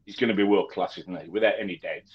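A man co-hosting a casual fan chat about football, animated and stumbling over his words with many restarts. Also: sits low, fast talker, lo-fi sound. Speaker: football podcast co-host.

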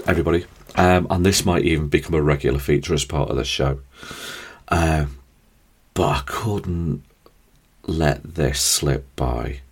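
A man hosting his own podcast, telling rambling, self-deprecating stories in a chatty, animated way. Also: a bass voice, measured pace, slightly rough. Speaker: podcast host. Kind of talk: casual storytelling monologue.

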